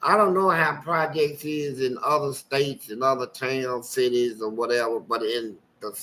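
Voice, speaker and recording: An older man, telling colorful stories from his past in a casual, animated way. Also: medium pitch, moderate pace, rough recording. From Louisville, Kentucky. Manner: animated, colorful, acting out voices. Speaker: storyteller guest. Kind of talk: casual storytelling.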